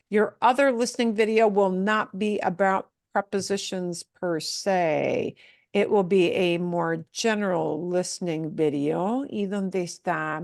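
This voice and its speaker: Slow-paced woman teaching Spanish. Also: lowish voice, creaky, dry recording, clean studio sound. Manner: explanatory, repeats words slowly for learners; mixes English with Spanish phrases. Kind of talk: recorded class lesson.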